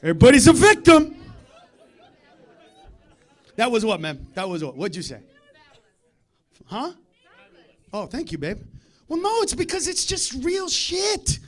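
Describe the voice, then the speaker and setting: Male stand-up comic, voice sitting very high, loud and foul-mouthed ranting delivery, live club set on a stage mic. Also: big pitch swings, a little slow, long pauses, some chatter behind. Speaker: stand-up comedian.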